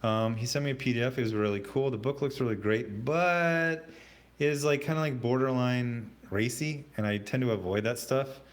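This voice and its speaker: A man hosting a casual livestream, reading out chat comments in a rambling, halting way with many fillers and restarts. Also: mid-range voice.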